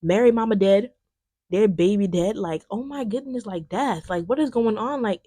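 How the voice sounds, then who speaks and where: A young woman, chatting in a lively, casual way about a film, with lots of fillers. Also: mid-range voice, moderate pace, no room sound. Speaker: video essayist. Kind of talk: casual film commentary chat.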